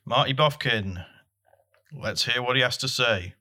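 Man, podcast co-host, dry laid-back delivery, bright sharp tone. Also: mid-range voice, measured pace. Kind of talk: comedy podcast banter.

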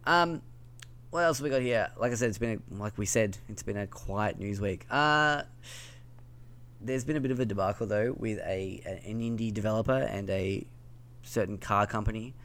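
Low gravelly man with a lisp. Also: moderate pace, fairly bright tone. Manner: loose, rambling, lots of ums and likes. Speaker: podcast host. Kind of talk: casual gaming news chat.

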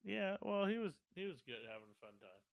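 A man's voice: high-pitched, big pitch swings, fairly quick, gravelly, no room sound, dull audio. A man co-hosting a casual podcast, laid-back and agreeable, reading out a news headline at times. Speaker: podcast co-host. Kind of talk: casual chat.

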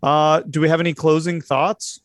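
A man's voice: fairly high pitch, flat delivery, moderate pace, no room sound, studio quality. A man who runs the tabletop game, hosting a casual podcast chat and putting questions to the others. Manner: leads the talk, asks questions. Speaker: game master and host.

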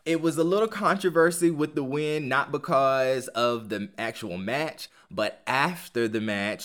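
A man's voice: medium pitch, a bit bright, smooth. A man hosting his own podcast, talking casually and with strong opinions, laughing now and then. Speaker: podcast host. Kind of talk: casual solo podcast commentary.

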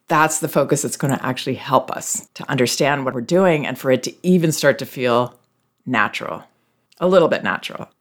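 A host of a parenting advice show works through listener questions at an easy, conversational pace. Her mid-pitched voice is measured and patient, with a gently reassuring tone for struggling parents, and she explains things calmly and reflectively.

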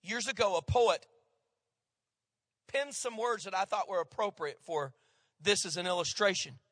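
A male pastor preaching a sermon, swinging between loud emphatic lines and hushed asides. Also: high voice, moderate pace, no room sound, studio quality.

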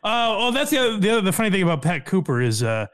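A man's voice: high voice, racing. A man hosting a casual podcast, telling stories with frequent laughter. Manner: storytelling, laughing, animated. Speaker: podcast host.

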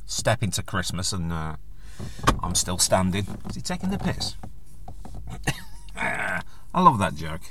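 A man's voice: mid-range voice, fairly bright tone, dry recording. A man hosting his own solo podcast, ranting in a blunt, crude, joking way with plenty of swearing. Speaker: podcast host. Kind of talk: casual solo podcast rant.

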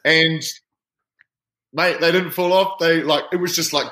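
A man's voice: on the high side, normal speed. New man telling a story, roomy. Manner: lively, animated anecdote-telling. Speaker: guest rugby player. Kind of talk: casual storytelling. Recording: roomy echo.

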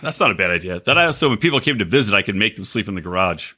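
A man's voice: lowish voice, rapid-fire, husky. A man hosting a casual podcast chat, telling stories and acting out other people's voices. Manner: animated storyteller, acts out quoted voices. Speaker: podcast host.

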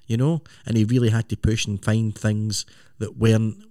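A man's voice: fairly low pitch, level tone, normal speed, dark tone, no echo, clean studio sound. A middle-aged man, co-hosting a podcast in casual, rambling chat. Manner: rambling, self-interrupting. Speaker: podcast co-host.

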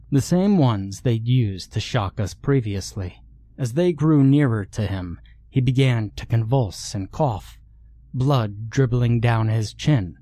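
A man narrating a scripted horror story in a measured, hushed storytelling way. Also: mid-range voice, no room sound, clean studio sound.

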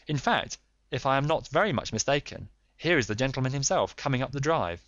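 A man reading a calm, stern middle-aged detective who speaks in a measured, authoritative way. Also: mid-range voice, no echo, highs cut off, voice pushed up, natural voice. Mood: confident.

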